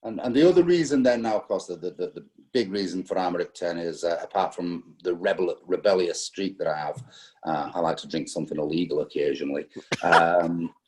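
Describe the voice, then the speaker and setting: A man with a very low voice, talking through an interview as a spirits importer. He speaks casually, pausing on fillers and restarting his sentences as he works through long stories. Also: a little mellow, slight background noise. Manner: hesitant, many fillers and restarts, storytelling.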